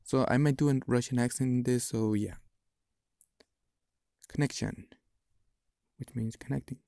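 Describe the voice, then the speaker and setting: A man's voice: medium pitch, steady tone, unhurried, vocal fry, warm tone. A man chatting casually to his viewers in a vlog, rambling offhand with plenty of "like" and "so yeah". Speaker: vlogger.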